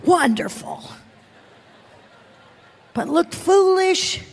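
A woman preacher telling her testimony in a dramatic storytelling manner, acting out other people's voices and swinging from shouts to whispers. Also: very high voice, lively intonation, drawn-out words. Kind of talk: testimony sermon. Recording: long hall reverb. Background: audience.

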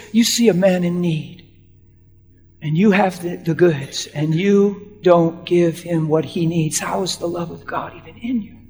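A man's voice: high voice, in a large hall. A man preaching a storytelling sermon, acting out the people in his story and laughing often. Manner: animated, acts out dialogue, laughs often.

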